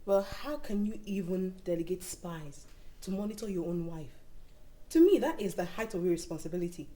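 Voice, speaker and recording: A woman's voice: lowish voice, lively intonation, fairly quick, dark tone, lightly acted. A woman playing an outspoken Nigerian girlfriend. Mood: indignant. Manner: polite but cutting.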